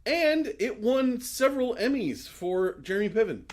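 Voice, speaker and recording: Co-hosting a podcast, this man talks at a normal speed in an extremely high, sing-song voice. The chat is casual and rambling, full of swearing and frequent laughter, and he retells scenes using put-on voices.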